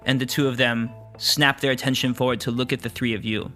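A man narrating a tabletop game as game master, describing the scene in an unhurried storytelling manner. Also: medium pitch, level tone, bright, forceful tone, faint music behind.

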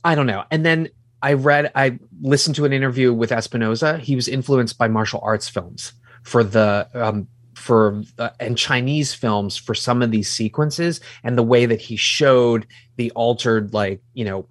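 A man co-hosting a casual film discussion, animated and swearing casually as he makes his points. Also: mid-range voice, moderate pace, dry recording, studio quality.

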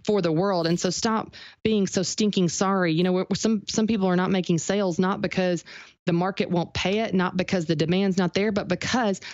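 A woman's voice: on the low side, steady tone, brisk, a little mellow, no room sound, lo-fi sound. A woman being interviewed, giving emphatic motivational business advice and repeating her main points. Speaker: guest, business author.

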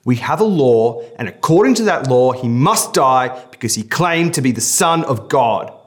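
A man voicing an angry mob of leaders, shouting in a high, strained voice. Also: lively intonation, moderate pace, close to an everyday voice.

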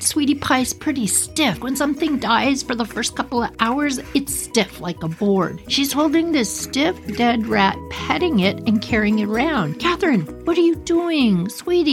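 A middle-aged woman hosting a podcast, telling a personal story in an animated voice that keeps breaking into chuckles. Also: on the high side. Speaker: podcast host.

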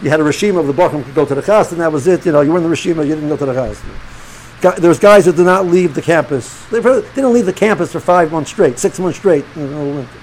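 A middle-aged man with a fairly high voice gives a loose, animated religious lecture, often stumbling over and repeating words as he goes. A faint hiss sits under his speech. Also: quick pace, poor audio. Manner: animated, repeats and restarts words, sprinkles Hebrew and Yiddish terms. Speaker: rabbi teaching students.

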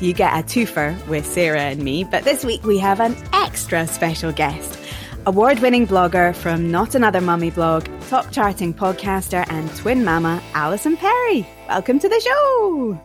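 Playful woman host, low-pitched, with faint music underneath. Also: animated, moderate pace. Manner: playful and jokey. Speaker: podcast host. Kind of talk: casual podcast hosting.

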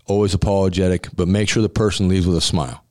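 Low-voiced male restaurant owner, blunt and emphatic, casual interview storyteller. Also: fairly even intonation, quick pace, a little mellow. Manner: emphatic and blunt, acting out dialogue with laughs. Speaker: restaurant owner and former college football center.

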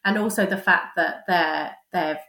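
A woman with a slightly low voice talks thoughtfully in a casual podcast chat, dropping frequent ums and you-knows. Her voice carries a roomy echo. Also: measured pace, pushed and bright. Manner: thoughtful, many fillers. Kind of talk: casual conversation.

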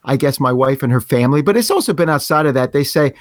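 A man's voice: mid-range voice, lively intonation, fast, few pauses, dry recording, clean studio sound. A man with a strong Southern American accent, co-hosting a casual podcast chat and telling easygoing stories. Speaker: podcast co-host.

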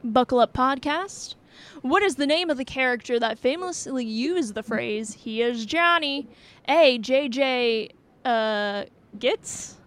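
A woman hosts a trivia quiz, reading out questions and answer options amid playful banter and lots of laughter. Her voice sits high and she speaks slowly.

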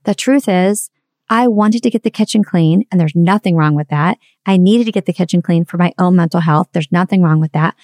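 A woman's voice: mid-range voice, darkish tone, no room sound, studio quality. A middle-aged woman telling a candid, reflective story about her own parenting in a confessional monologue. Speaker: parenting speaker.

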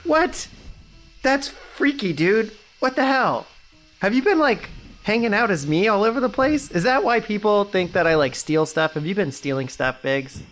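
A man voicing a brash, excitable teenage schoolboy in role-play, rambling and full of "like" and "dude". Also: mid-range voice, moderate pace, few pauses, faint music behind, natural voice. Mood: freaked out.

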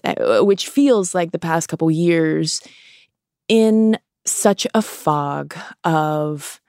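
A woman hosting a podcast, giving an impassioned and sarcastic pep talk, swearing freely and pausing often between phrases. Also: on the low side, a little mellow, smooth, no room sound, studio quality. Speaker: podcast host.

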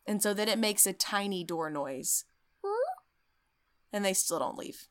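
A woman hosting a podcast, recapping a ghost-hunting show in an animated, sarcastic way and swearing freely. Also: medium pitch, a little slow, long pauses. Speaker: podcast host. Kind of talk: comedic storytelling recap.

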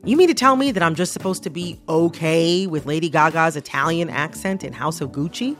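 A woman hosting a radio talk show, speaking in a lively, incredulous way. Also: sits low, fairly quick, faint music behind. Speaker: host.

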